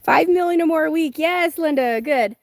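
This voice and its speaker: A woman with a high voice chats casually on a livestream outdoors. She is giggly and self-deprecating as she reads out viewer comments. The sound comes from a phone or camera set on a table. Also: moderate pace, no room sound. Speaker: livestream host. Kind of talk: casual live chat, reading comments.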